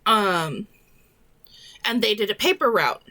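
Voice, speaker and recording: A young woman telling a childhood story haltingly in casual chat. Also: medium pitch, very animated, pushed and bright, low-quality recording. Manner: halting, slow, searching for words.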